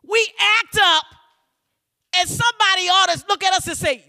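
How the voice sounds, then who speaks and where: A middle-aged male preacher with a very high, piercing voice and a sharp, forceful edge. He preaches in church, shouting and calling for the congregation to answer him, doubling back on words in a fervent rhythm. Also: moderate pace. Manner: shouting, urging call-and-response. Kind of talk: sermon.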